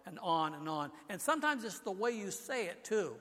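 A man's voice: sits high, very animated, normal speed, hardly any pauses, fairly bright tone. An older man preaching a sermon in a church, talking in a conversational way, often restarting his sentences. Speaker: pastor. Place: church sanctuary. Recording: long hall reverb.

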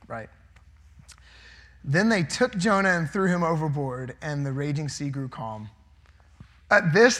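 A young man preaching a casual sermon, reading scripture and acting out the characters in an animated way. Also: a little high, husky. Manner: animated, acts out the figures. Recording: long reverb of a hall.

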